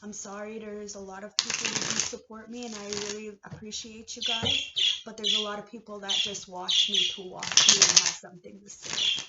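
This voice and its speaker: A woman from Canada in a heated, profane personal rant, swinging between low muttering and shouting. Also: level tone, moderate pace, heavy background noise. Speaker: vlogger. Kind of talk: emotional personal rant to camera. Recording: echoey room, dull lo-fi sound.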